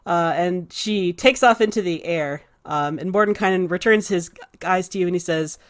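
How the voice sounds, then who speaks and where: A woman narrating a tabletop game as game master, relaxed, with many pauses and fillers. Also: lowish voice.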